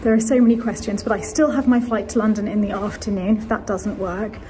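A woman's voice: mid-range voice, brisk, rough recording. A tired woman vlogging a travel diary, talkative and emotional. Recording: steady background noise.

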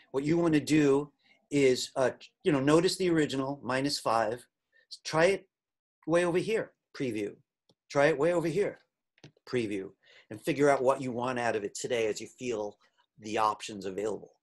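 A man teaching an online class, talking casually with many fillers while he demonstrates software. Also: medium pitch. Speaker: instructor.

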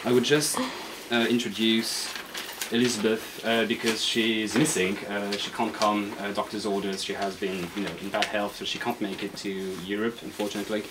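A man's voice: on the low side, flat delivery, normal speed, background noise. A man hosting a poetry reading at a bookshop, introducing the poets hesitantly with many fillers. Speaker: event host. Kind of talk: live event introduction.

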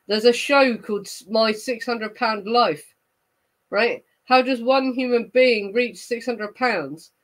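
A woman's voice: on the high side, slow, no echo, low-quality recording. A woman hosting a casual livestream chat, tipsy and ranting with rambling, heavy swearing. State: tipsy from gin. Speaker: host of a true crime livestream.

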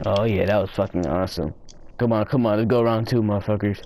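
A man giving rowdy, profane commentary while playing a game, often breaking into loud high-pitched yells. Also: expressive, fairly quick, slight background noise. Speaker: gamer recording his play. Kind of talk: casual gaming commentary.

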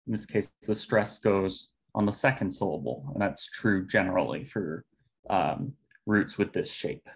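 A man presenting an academic linguistics talk over a video call, measured and explanatory with occasional fillers. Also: lowish voice. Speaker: conference presenter.

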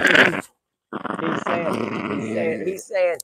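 A middle-aged man from the Boston area, hosting a tortoise sanctuary vlog in an excitable, chatty way and talking to animals and viewers as he walks. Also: high voice, normal speed, heavy background noise. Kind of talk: casual walk-and-talk vlog.

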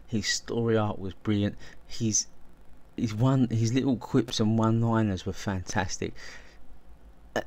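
A man with a somewhat low-pitched voice talks through a video essay in a loose, unscripted way. He is enthusiastic and rambling, stumbling over restarts and repeated words. The delivery sounds like casual spoken commentary. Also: fairly even intonation, a little slow, darkish tone.

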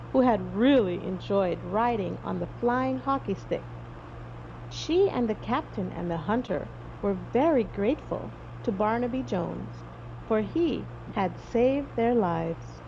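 A woman narrating a children's storybook aloud in a slow, expressive read-aloud manner. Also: mid-range voice, creaky, lo-fi sound, slight background noise. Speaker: audiobook narrator.

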